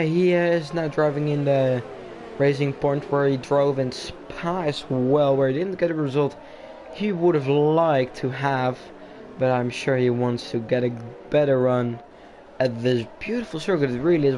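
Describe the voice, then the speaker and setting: A man doing casual live-stream commentary on a sim racing league, rambling with many fillers and pauses. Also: medium pitch, darkish tone, slight background noise.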